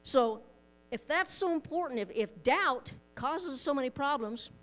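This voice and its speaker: A woman preaches a sermon in a church, her voice set a touch high. She talks in a plain, conversational way, often doubling back on her words. A low mains hum sits under the recording. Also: expressive, measured pace, a bit bright, faint music behind. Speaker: pastor.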